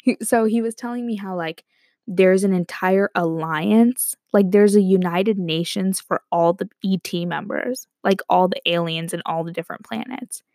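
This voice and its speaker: A young woman casually telling a rambling story to her viewers, animated and quick to laugh. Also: medium pitch, dry recording, clean studio sound. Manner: animated, rambling, breaks into quoted voices and laughs.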